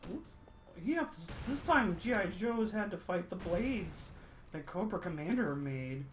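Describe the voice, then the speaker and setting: Excited little boy, as a man puts him on, high squeaky voice, gushing and breathless. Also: a little slow, echoey room, a little hiss or hum. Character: excited little boy rambling about toys.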